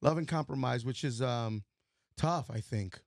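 A man's voice: medium pitch, measured pace, dry recording, clean studio sound. A man hosting a radio show, asking a guest questions in a joking, casual way. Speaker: radio host.

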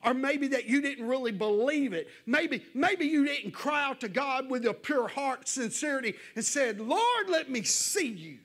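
A man's voice: very high voice, moderate pace, few pauses, fairly bright tone. A male pastor, preaching an evening sermon in a folksy, conversational way that builds into fervent exhortation. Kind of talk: evening sermon to a church congregation. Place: church.

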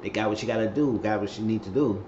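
A man casually recapping a TV episode, acting out the characters' lines with sudden high squeals. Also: quick pace, a little hiss or hum. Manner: animated retelling, acting out quotes with high squeals. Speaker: recap host. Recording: echoey room, dull lo-fi sound.

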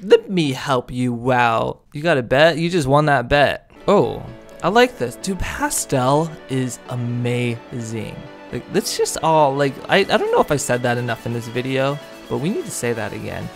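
A man's voice: medium pitch, big pitch swings, moderate pace, gravelly. A young man giving casual, goofy commentary while rating game outfits, rambling and laughing often. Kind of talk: casual commentary over gameplay. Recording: faint background music.

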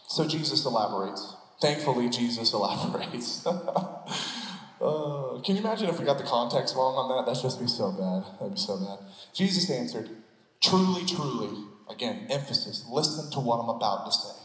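Animated joking pastor in an echoey church hall. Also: male voice, mid-range voice, normal speed. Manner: animated, joking, acts out scenes in funny voices. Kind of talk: sermon. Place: church sanctuary. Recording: echoey hall, long reverb.

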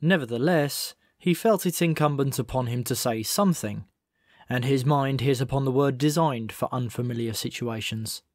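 A man reading a comic novel aloud as audiobook narrator, in a measured, dry storytelling manner. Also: medium pitch, no echo. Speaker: audiobook reader. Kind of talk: scripted narration.

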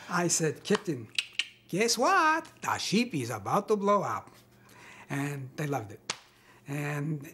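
An older man being interviewed about his acting career, telling wry, self-mocking stories with pauses and chuckles. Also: on the high side, slight background noise. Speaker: interviewee, actor. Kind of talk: relaxed interview storytelling.

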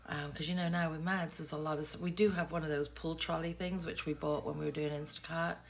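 A woman's voice: deep voice, level tone, quick pace, creaky. An English woman in her sixties, chatting casually and rambling in a self-deprecating way to her vlog camera. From England. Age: 60s. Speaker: vlogger.

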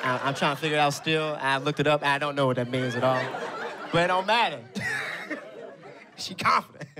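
A man doing stand-up comedy, telling a story in an animated way and laughing through his lines. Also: on the high side, normal speed, crowd noise, noisy background.

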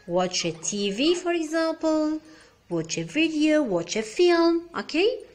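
A woman with Arabic as her first language teaching beginner English, patient and slow, spelling out words and checking "okay?" often. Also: sits high, sing-song, darkish tone.

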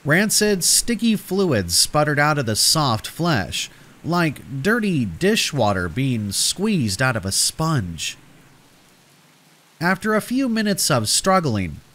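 Male horror narrator, measured pace, expressive lively intonation, rain behind. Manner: slow, deliberate storytelling with lively pitch.

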